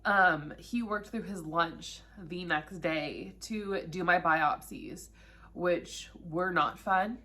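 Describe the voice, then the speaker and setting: A woman's voice: fairly low pitch, takes it slowly, pushed and bright. A woman in her thirties telling her own story to camera in a candid, conversational way that is often emotional. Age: 30s. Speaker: vlogger sharing her own cancer story.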